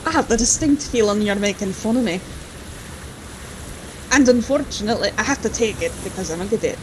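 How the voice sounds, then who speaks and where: A woman's voice: medium pitch, a little fast, slight background noise, rough recording. A woman in a live roleplay game, talking in a put-on pirate accent and swearing freely. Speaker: roleplay player, ship cadet.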